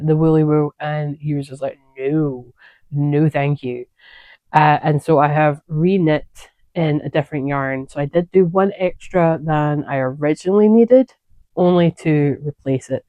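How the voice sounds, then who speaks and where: Slow, chatty woman. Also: low-pitched, a little mellow, no echo. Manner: chatty, digressive, self-correcting. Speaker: knitting podcast host. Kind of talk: casual chat showing knitting projects.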